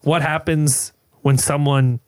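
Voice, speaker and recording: A man's voice: fairly high pitch, little pitch movement, slow, no echo, studio quality. A man, a podcast guest, talking casually in a rambling, earnest way with lots of fillers. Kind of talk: casual chat.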